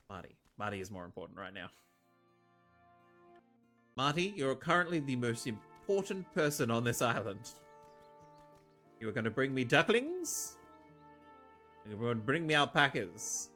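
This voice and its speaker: Male streamer, casual game commentary, joking with characters, very expressive pitch. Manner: animated, jokey, talks to game characters.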